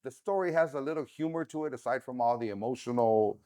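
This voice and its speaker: A man's voice: medium pitch, quick pace, dark tone, dry recording, studio quality. Frank middle-aged man telling a story. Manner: unfiltered and frank, with many fillers. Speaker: podcast guest. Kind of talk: candid personal storytelling.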